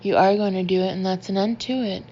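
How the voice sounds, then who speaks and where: A woman reads the part of a middle-aged mother with a soft Southern accent, fervent and insistent as she pleads. Her voice moves little in pitch and holds a flat, steady line. The audiobook recording sounds slightly dull, with a faint hiss behind it. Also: quick pace, close to an everyday voice. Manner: pleading, emphatic.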